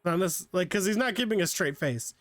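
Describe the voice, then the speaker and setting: A man's voice: sits high, lively intonation, fairly quick, a bit bright, no echo, soft background music. Chatty male game streamer, dry mic. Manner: chatty, joking, thinking aloud. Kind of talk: casual let's-play commentary.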